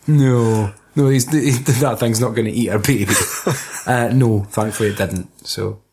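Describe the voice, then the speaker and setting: A man's voice: mid-range voice, fairly even intonation, normal speed, darkish tone, slight background noise. A Scottish man chatting casually about a film, swearing, joking and slipping into silly voices. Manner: sweary, jokey, often slips into silly voices. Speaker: film reviewer. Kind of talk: casual chat.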